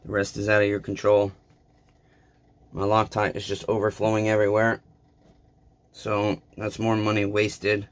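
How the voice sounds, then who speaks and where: A man's voice: on the low side, monotone, normal speed, pauses often. A man talking casually to his viewers while he repairs a chainsaw, blunt and self-deprecating, with rambling asides. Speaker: small engine repair vlogger.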